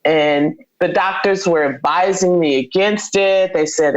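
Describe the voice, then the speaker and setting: A woman guest in an interview tells a heartfelt personal story, acting out the dialogue she quotes. Her voice is fairly low and measured in pace, though the audio quality is poor.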